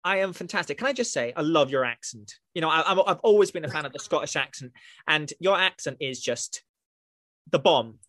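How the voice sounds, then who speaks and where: Lively bright-voiced chatty podcast host man. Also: a little high, brisk. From England. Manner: chatty, jokey, self-deprecating. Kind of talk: casual podcast interview.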